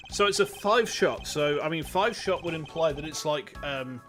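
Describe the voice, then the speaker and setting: A man's voice: fairly high pitch, normal speed, few pauses. A man with a Yorkshire accent giving playful, rambling commentary as a VTuber while playing a game. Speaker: VTuber streamer. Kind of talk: casual gameplay commentary. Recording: faint music under voice.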